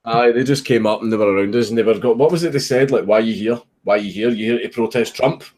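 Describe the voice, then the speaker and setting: A man's voice: mid-range voice, quick pace, darkish tone. A young Scottish man, a streamer, casually telling a story with lots of swearing and laughing at his own punchlines.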